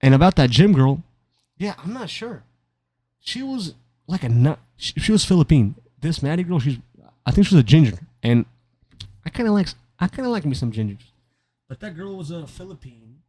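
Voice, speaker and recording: A man's voice: fairly high pitch, big pitch swings, normal speed, warm tone. A young man casually telling a rambling, self-mocking story over gameplay, often stumbling and repeating his words. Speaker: gaming commentator.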